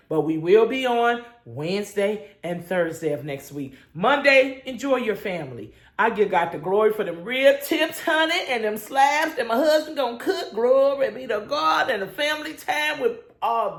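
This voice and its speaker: A woman's voice: on the high side, animated, moderate pace, hardly any pauses, echoey room. A woman minister leading a spirited morning devotion, calling out to her listeners with exuberant call-and-response.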